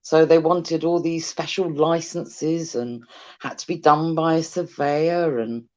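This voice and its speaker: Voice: medium pitch, fairly even intonation, a little slow, a little mellow. A British co-host chatting cheekily on a fishing livestream, telling stories and acting out what other people said. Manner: cheeky, chatty storyteller who acts out voices. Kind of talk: casual chat. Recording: muffled, lo-fi call audio.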